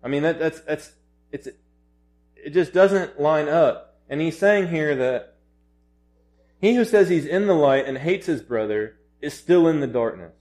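A man's voice: fairly high pitch, animated, measured pace, a little mellow. Earnest male preacher. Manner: earnest, urgent, many restarts, rising to emphatic peaks. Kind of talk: sermon.

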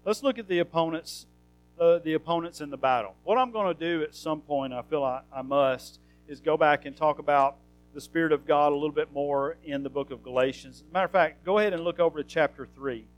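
A man with a notably high voice preaches a sermon in an earnest, conversational way, pausing on fillers and rising into emphatic questions. Faint guitar music plays softly behind him. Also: poor audio.

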